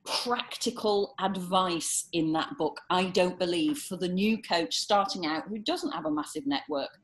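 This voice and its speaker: A woman from Britain hosting a podcast interview, chatty and animated, often laughing as she talks. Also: fairly low pitch, a little slow. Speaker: podcast host.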